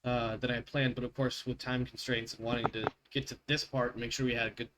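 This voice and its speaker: A man's voice: medium pitch, flat delivery, fast, noisy background. A man running a tabletop game as game master, talking casually and rambling, correcting himself as he goes. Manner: rambling, self-correcting, swears freely. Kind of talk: casual out-of-character table talk.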